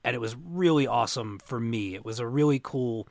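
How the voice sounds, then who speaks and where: With brisk delivery, lively intonation and a slightly mellow medium-pitched voice, a young adult man chats casually on a podcast he co-hosts. He wanders through convention tales with plenty of false starts, and the studio recording is clean and dry.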